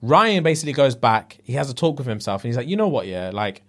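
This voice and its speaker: Male podcast co-host, lively storyteller, pitch swinging widely as he acts out every line. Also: fast talker. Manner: animated storyteller, acts out quotes, heavy slang. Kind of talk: casual chat, retelling a reality show.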